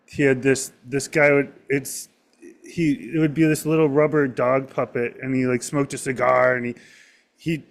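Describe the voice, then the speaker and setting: Jokey man telling rambling stories. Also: mid-range voice. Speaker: co-host. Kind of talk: casual chat.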